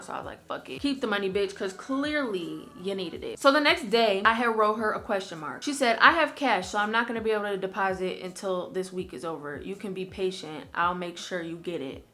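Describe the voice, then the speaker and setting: A woman's voice: medium pitch, fairly quick, few pauses. A woman, telling a storytime to camera, candid and swearing freely. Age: 20s. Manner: candid, heavy swearing, animated slang. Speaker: vlogger. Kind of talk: storytime vlog, casual chat.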